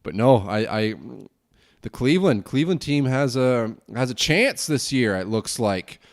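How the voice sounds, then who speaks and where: A young man hosting a casual solo podcast, rambling and self-deprecating, grumbling with sudden high exclamations. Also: lively intonation, a little slow. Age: young adult. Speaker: podcast host.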